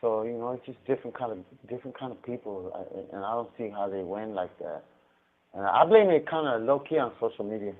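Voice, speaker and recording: A man's voice: lowish voice, brisk. A man talks over a prison phone line. His storytelling is profane and rambling, full of restarts. The sound is thin and tinny, as on a phone call. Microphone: prison payphone handset.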